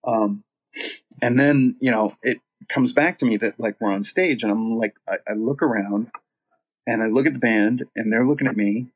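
A middle-aged man, a rock singer, telling a long story in a casual interview, rambling and profane, voicing other people's lines with lively shifts. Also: mid-range voice, moderate pace. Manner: rambling, profane, animated when quoting himself and others. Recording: dull lo-fi podcast audio.

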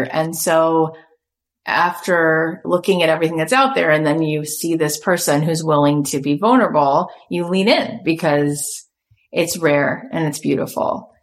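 Low-voiced enthusiastic woman host. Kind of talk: conversational interview.

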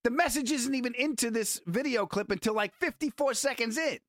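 A man hosting a podcast, chatting casually and defending himself with animated, laughing banter. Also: extremely high pitch, brisk, no room sound, studio quality. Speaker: podcast host.

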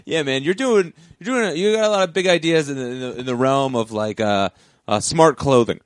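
A man's voice: mid-range voice, brisk, clean tone, no echo. A man co-hosting a podcast, giggling often and stammering through friendly agreement. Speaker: podcast co-host. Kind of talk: casual comedy chat.

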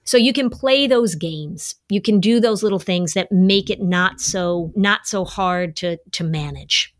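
A middle-aged woman talks through parenting advice like a relaxed chat, telling little stories and pausing to ask "right?". Her voice sits in an ordinary middle pitch, neither high nor low. She keeps an easygoing, conversational tone throughout. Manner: conversational storytelling, frequent "right?" check-ins. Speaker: podcast host and parenting advisor.

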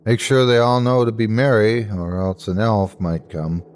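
A man's voice: lowish voice, steady tone, normal speed, a little mellow, lightly acted. A man voicing an elderly male neighbor, desperate and unhinged, calling out in a strained, pleading way in a horror audio story. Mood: ominous.

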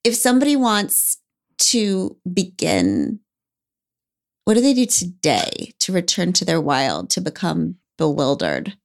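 A woman's voice: fairly low pitch, sing-song, a little slow, gravelly. Woman host guiding a casual chat. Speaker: podcast host.

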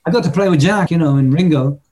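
A man's voice: a little high, fast, dark tone. An older man, an interview guest, telling stories in a casual way and vocally mimicking drum patterns. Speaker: interview guest, rock drummer.

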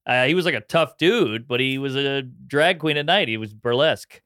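A man's voice: mid-range voice, moderate pace, dry recording, studio quality. A man in his thirties from New Orleans, a comedian guest telling a story in casual chat and acting out the voices of the people in it. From New Orleans, Louisiana. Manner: animated storyteller who acts out voices.

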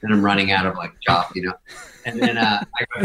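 A man's voice: lowish voice, brisk, fairly bright tone, echoey room, poor audio. A middle-aged man telling casual anecdotes as a podcast guest, dry and self-mocking, briefly mimicking others. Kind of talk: casual storytelling chat.

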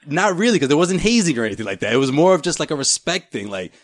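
A man's voice: on the high side, big pitch swings, fast, dry recording, studio quality. A man co-hosting a podcast, telling rambling stories and acting out quotes in a casual chat. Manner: rambling storyteller, laughs often, acts out quotes. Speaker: podcast co-host.

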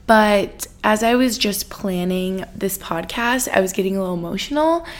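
A woman's voice: mid-range voice, normal speed. A woman hosting a personal podcast, chatting in a rambling way with lots of fillers and nervous laughs, sounding a little congested. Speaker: podcast host.

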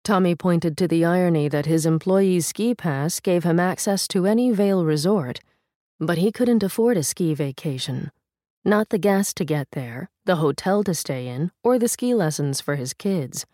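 A woman reads a feature story aloud in a calm, measured way. Her voice sits low, and the recording is dry and close, with no room sound. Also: no echo. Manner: measured, steady reading with a first-person reporter voice. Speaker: narrator of an audio article. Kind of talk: scripted narration.

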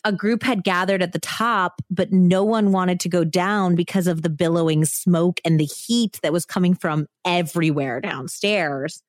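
A woman's voice: fairly low pitch, fairly even intonation, normal speed, hardly any pauses, dry recording, clean studio sound. A woman hosting a podcast, recounting a true crime story in a casual, chatty way full of "like" and "you know". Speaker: podcast host.

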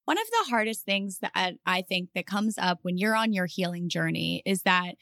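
Young woman therapist cohost, laughs a lot, super lively up and down voice, dry close mic. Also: on the low side, normal speed, vocal fry, dry recording. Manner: warm-hearted, laughs often, encouraging. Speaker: podcast co-host, therapist. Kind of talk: casual chat.

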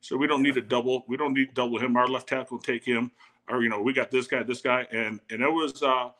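A man in his forties, a former football player, telling animated anecdotes in a casual chat and acting out the people in them. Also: medium pitch, quick pace. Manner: animated anecdotes with repeated starts, quotes others. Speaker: guest, former football tight end.

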